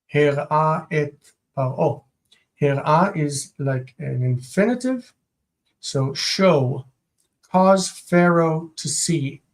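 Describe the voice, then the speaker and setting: Hebrew grammar teacher on a livestream, talks real slow and careful, says words over while working them out. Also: mid-range voice. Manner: slow and deliberate, sounding out Hebrew words then translating them; thinks aloud and repeats words while explaining. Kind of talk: live-streamed grammar lesson.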